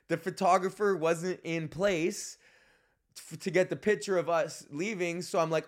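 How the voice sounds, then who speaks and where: A man's voice: sits high, brisk. A man who hosts a podcast and does stand-up, telling stories in a casual, profane rant and acting out the voices of the people in them. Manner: animated, profane, acts out voices in his stories. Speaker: podcast host and comedian.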